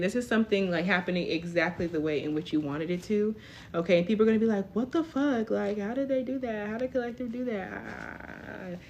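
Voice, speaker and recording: A woman in her twenties giving a casual live tarot reading, chatty, tagging almost every line with "okay?". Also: fairly low pitch. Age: 20s. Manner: chatty, tags lines with "okay?". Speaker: tarot reader.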